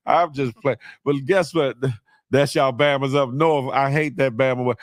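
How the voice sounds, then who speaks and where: A man from Washington, D.C. hosting a casual morning livestream, animated and chuckling as he greets viewers by name. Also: mid-range voice, moderate pace, no room sound, studio quality. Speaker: host of a morning live show.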